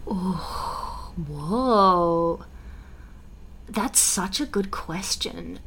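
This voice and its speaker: A young woman, a musical theatre writer and performer, talking in an animated, heartfelt way in a casual interview, full of filler words. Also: lowish voice, extremely slow, vocal fry, breathy edge.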